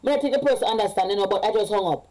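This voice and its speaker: A woman's voice: medium pitch, very fast, warm tone, poor audio. A Jamaican woman, a parent, talking casually in a vlog. She rambles, repeats herself and slips between English and patois. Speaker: vlogger.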